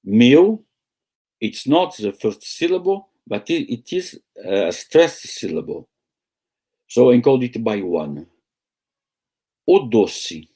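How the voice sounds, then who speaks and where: Slow, halting male lecturer. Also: mid-range voice, sing-song, mellow, breathy edge. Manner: slow, halting, with many pauses and fillers. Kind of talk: academic lecture. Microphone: video call.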